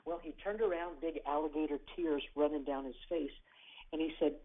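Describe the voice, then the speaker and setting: This is a guest phoning into a talk show and telling a story with real drive, slipping into the voices of the people in it. The sound is thin and narrow, like a telephone line. The voice sits at a middle pitch, and both the pace and the loudness keep shifting as the story goes on. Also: steady tone, normal speed. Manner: acts out quoted characters, varies loudness and pace. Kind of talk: animated storytelling on a call-in show. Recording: tinny phone line.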